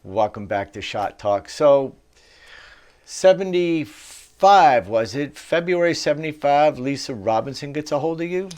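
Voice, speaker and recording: A man's voice: a little high, animated, unhurried, darkish tone. A man hosting an interview, prompting his guest with short questions. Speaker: interview host.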